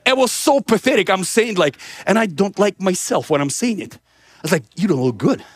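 Animated, husky high-pitched male preacher. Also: moderate pace. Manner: animated, laughing, acts out dialogue. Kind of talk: sermon testimony storytelling.

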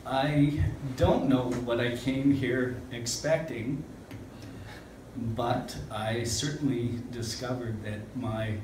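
Man from Canada, slow pace, emotional halting testimony, distant echoey noisy room. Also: medium pitch, fairly even intonation. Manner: halting, pausing with "um", choked up. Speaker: retreat participant giving testimony.

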